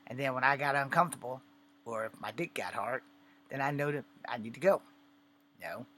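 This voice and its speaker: A man's voice: medium pitch, a little fast, a bit bright. A man ranting and telling a story to camera in blunt, profane, conversational talk. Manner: conversational, acts out the scene. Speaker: vlogger. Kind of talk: casual rant and storytelling to camera.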